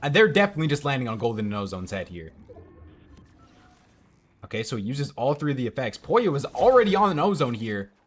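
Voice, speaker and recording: A man's voice: medium pitch, big pitch swings, fairly quick, long pauses, slight background noise. A young man streaming from home into a headset mic, casually commenting on a match and answering chat. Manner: chatty, reads out and answers chat.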